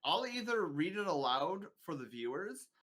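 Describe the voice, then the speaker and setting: A young man with a fairly high voice chats as a guest on a podcast recorded over a voice call. He is easygoing and laughs readily between his thoughts. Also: big pitch swings, moderate pace, a bit bright. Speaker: guest streamer. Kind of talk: casual chat. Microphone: home mic over a voice call.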